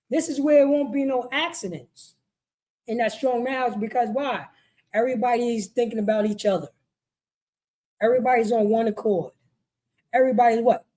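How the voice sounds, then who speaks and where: A woman's voice: a little high, a little mellow. A woman teaching a religious law class in an emphatic, repetitive street-style sermon, often asking "you know what I mean". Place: meeting hall.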